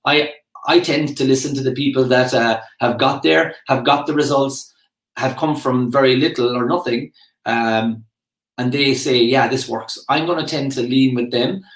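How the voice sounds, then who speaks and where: A man's voice: mid-range voice, normal speed. Chatty Irish man in his forties, echoey room. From Ireland. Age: 40s. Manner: rambling and chatty, with self-aware asides. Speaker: motivational speaker. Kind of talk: casual reflective monologue.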